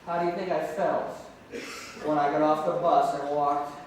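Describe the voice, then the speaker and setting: Man, high voice, school assembly speaker, story and audience Q&A, heard far off in a booming hall. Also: little pitch movement, normal speed. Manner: storytelling, joking with the audience, calling out questions to students. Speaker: anti-bullying speaker and martial arts teacher. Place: large echoey school hall with student audience. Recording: echoey hall from far off, faint noise.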